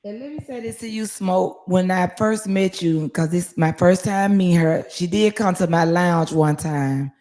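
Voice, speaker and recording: A woman hosting a casual livestream from her phone, telling stories in a lively, profane way. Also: lowish voice, moderate pace, hardly any pauses. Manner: lively, profane storytelling with laughs. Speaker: livestream host.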